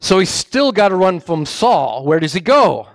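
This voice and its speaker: A male preacher delivering a sermon as animated storytelling, often stopping to correct himself. His voice sits high and swings widely in pitch. The sound is dry and close. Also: moderate pace, dry recording.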